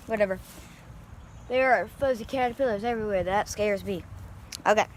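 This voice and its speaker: A young woman with a mid-range voice narrates a casual outdoor vlog from her backyard, showing off her pet guinea pigs on a handheld phone. She talks at a moderate pace, pausing often and using lots of fillers, and switches to sweet baby talk for the animals. Slight background noise is audible.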